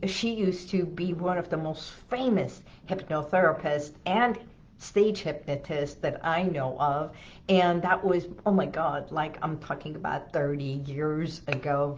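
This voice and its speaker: A woman hypnotherapist talking in an animated, hands-on way from her office. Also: sits low, highs cut off. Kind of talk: casual talk to camera.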